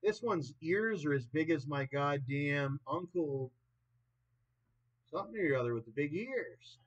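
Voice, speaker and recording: A man in his late twenties vlogging in a rambling, profane monologue that swings between loud and soft. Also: a little high, expressive, measured pace. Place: old property in the countryside. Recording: dull lo-fi recording.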